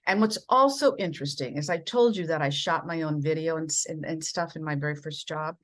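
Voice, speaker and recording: A woman's voice: sits low, fairly quick. A middle-aged or older woman from Minnesota, a veteran TV news journalist, telling career stories earnestly and emphatically in an interview. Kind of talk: conversational interview storytelling.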